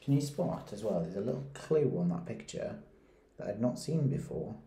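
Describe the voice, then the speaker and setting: Teacher reading a picture book aloud. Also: male voice, on the low side, animated. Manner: gentle, questioning, reads slowly and pauses to ask. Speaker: primary school teacher. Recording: roomy echoey recording.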